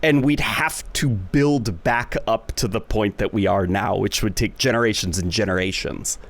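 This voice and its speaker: A man's voice: on the low side, moderate pace. A man co-hosting a casual gaming podcast, rambling and often restarting his thoughts mid-sentence. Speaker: podcast co-host. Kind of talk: casual chat.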